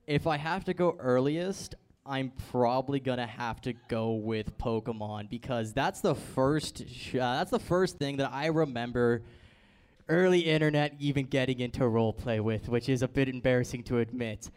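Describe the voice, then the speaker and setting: Man, podcast host, casual chat, asks questions, mid-pitched voice. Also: normal speed, a little mellow, clear, resonant tone. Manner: asks guests questions, chatty.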